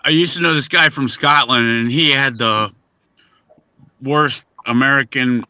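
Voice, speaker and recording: Animated storyteller, a man with a very bright voice on dry, dull audio. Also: mid-range voice, measured pace, no room sound. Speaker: panelist. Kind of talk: casual chat, storytelling.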